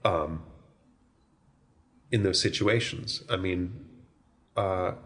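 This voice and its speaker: A man's voice: low-pitched, extremely slow, fairly bright tone. A man talking as a guest author in an interview, reflective and searching for words, correcting himself as he goes. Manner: thoughtful, searching phrasing with self-corrections.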